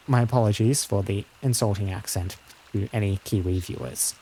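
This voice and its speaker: A man's voice: lowish voice, moderate pace, warm tone, slight background noise. A man doing let's play commentary on a game, thinking aloud in an analytical way. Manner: musing, analytical. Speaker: game streamer.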